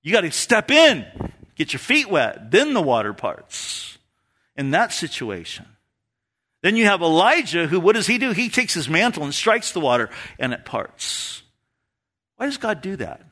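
A man pastor delivers a sermon in a fairly high, bright voice that swings up and down with feeling. He tells stories in an animated way and laughs along with them, speaking to a church congregation. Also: moderate pace, slightly rough. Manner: storytelling, animated, laughs at his own stories.

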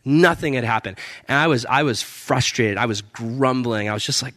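A man's voice: medium pitch, brisk, few pauses, a bit bright, dry recording. A young man, a missionary, giving an earnest personal testimony at a church service, casual with many fillers and restarts and frequent laughs. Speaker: missionary speaker.

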